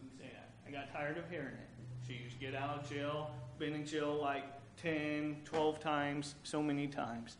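A man's voice: on the high side, level tone, normal speed, noisy background. Earnest preacher man in an echoey church. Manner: earnest preaching mixed with candid personal storytelling. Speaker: pastor. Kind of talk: sermon. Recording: echoey room with faint ambience.

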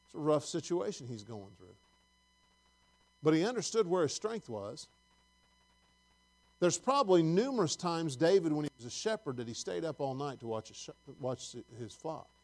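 A man's voice: fairly high pitch, very animated, normal speed. A middle-aged male preacher giving a conversational sermon, reading scripture and asking the congregation questions.

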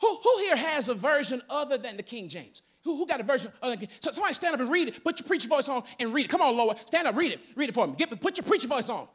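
A man's voice: very high-pitched, big pitch swings, fast talker, few pauses, fairly bright tone, breathy edge. A man preaching a sermon to a congregation, calling out to them and joking in asides. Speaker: pastor. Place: church sanctuary.

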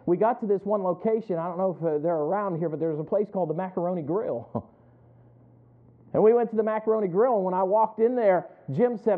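A man's voice: high-pitched, fast talker. A man preaching a sermon, telling personal stories and chuckling between lines as he acts out both sides of a conversation. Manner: animated storytelling, acting out both sides of a conversation. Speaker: pastor. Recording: tinny phone-like sound.

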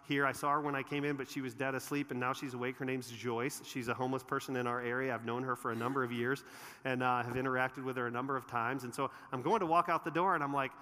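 A middle-aged man, a pastor, telling personal stories and leading prayer in a sermon, with animated retellings and frequent restarts. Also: mid-range voice, fast. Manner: animated storytelling, many restarts and filler. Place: church auditorium. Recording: reverberant church hall.

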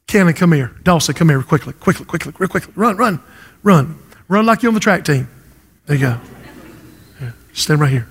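A man's voice: high-pitched, animated, normal speed, pauses often, fairly bright tone, breathy edge. A man preaching a sermon in a church, fervent and rhythmic, stretching out key phrases for emphasis. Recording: church hall reverb.

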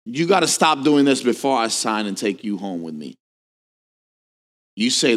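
A man preaching a sermon as pastor, swinging from hushed lines to shouted questions, telling stories with casual asides. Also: medium pitch, lively intonation, moderate pace, pauses often. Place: church sanctuary. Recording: long hall reverb.

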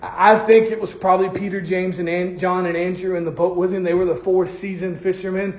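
A man with a fairly high voice preaches a sermon in church. He speaks to his congregation and slows down to lean on key phrases. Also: little pitch movement. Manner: preaching with drawn-out emphatic phrases and acted quotes. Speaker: pastor.

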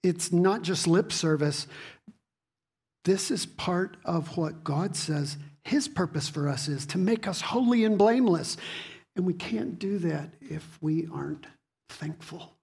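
Slow husky preacher. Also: medium pitch, darkish tone. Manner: teaching, rhetorical questions, repeats words; reads scripture aloud to a congregation. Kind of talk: sermon.

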